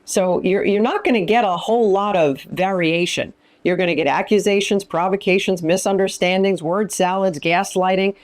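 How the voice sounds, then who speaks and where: A woman's voice: medium pitch, fairly even intonation, moderate pace, hardly any pauses. A middle-aged woman speaking as a ministry founder, teaching in an emphatic way and often repeating phrases for stress. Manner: emphatic, repeats phrases, acts out quoted lines. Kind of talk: teaching talk in an interview.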